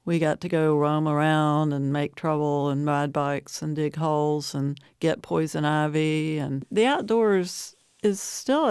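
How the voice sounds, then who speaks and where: A woman's voice: low-pitched, gravelly, a little mellow, clean tone, no room sound, studio quality. A middle-aged woman poet from Appalachian Virginia, chatting reflectively as an interview guest and laughing often. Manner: reflective, laughs often, speaks slowly at times. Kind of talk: casual interview chat.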